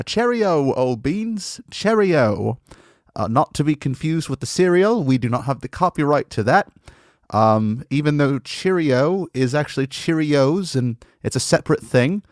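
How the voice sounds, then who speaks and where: A man's voice: medium pitch, no echo, clean studio sound. A man hosting a comedy show, rambling in an absurd, mock-formal way while putting on a fake British accent for laughs. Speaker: comedy podcast host.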